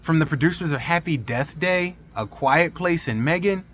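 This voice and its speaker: A man's voice: on the high side, moderate pace, a bit bright, slight background noise. Sarcastic man ranting a movie review. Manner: sarcastic and emphatic. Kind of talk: casual review rant to camera.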